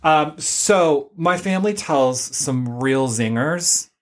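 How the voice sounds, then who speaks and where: A man's voice: on the high side, animated, takes it slowly. Chatty rambling man on a podcast. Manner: chatty, rambling storyteller with many fillers. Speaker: podcast co-host. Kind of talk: casual podcast chat.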